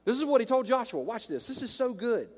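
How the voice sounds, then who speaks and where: A man preaches with fiery conviction, his fairly high voice dropping to hushed asides before climbing to ringing declarations. Long reverb carries his words through a large church hall. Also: big pitch swings, brisk. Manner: impassioned, swings from hushed to loud. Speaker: pastor. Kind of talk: sermon.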